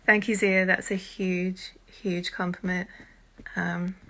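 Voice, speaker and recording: Bright-voiced British woman hosting. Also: on the low side. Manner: chatty and self-deprecating, with quiet muttered asides. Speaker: host. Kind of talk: casual live-stream chat.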